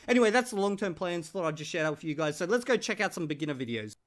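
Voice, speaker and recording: Man, casual vlog talk, jokey, fairly high-pitched. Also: expressive, rapid-fire, hardly any pauses. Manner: chatty, jokey, addresses viewers as guys. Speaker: language-learning vlogger.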